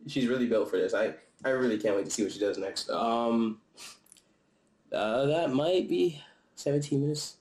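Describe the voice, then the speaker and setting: Slightly winded, a young male vlogger chats casually about a concert he attended, his talk slangy, profane and full of laughs and false starts. The mid-pitched, darkish voice carries a roomy echo from the camera-mounted mic.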